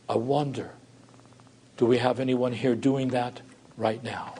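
A man's voice: medium pitch, steady tone, a little slow, a little mellow, slightly rough. A man preaching a sermon as a pastor, reading scripture aloud and then explaining it in an earnest, reflective way.

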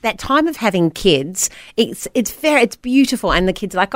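Female co-host, warm and sincere, dry close mic. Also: mid-range voice, sing-song, normal speed, no room sound. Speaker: radio breakfast co-host. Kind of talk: casual radio chat.

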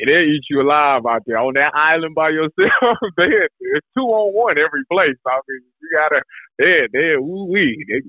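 A man guest on a sports talk show, speaking loosely with easy laughs and drawn-out sentences. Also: mid-range voice, no room sound, phone-quality sound. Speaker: guest, former defensive back. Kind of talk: casual interview talk.

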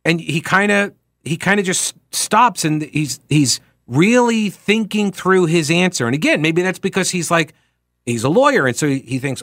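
A man with a slightly high voice gives animated commentary on a trial. He acts out what people said and fires off rhetorical questions. The recording is dry and close, with no room sound. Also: moderate pace, no echo. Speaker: talk show host.

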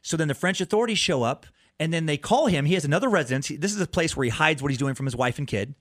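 A comedian and podcaster guest telling a story in a rambling way, restarting and repeating words. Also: male voice, fairly high pitch, expressive, very fast, fairly bright tone, dry recording, clean studio sound. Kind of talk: animated true-crime storytelling.

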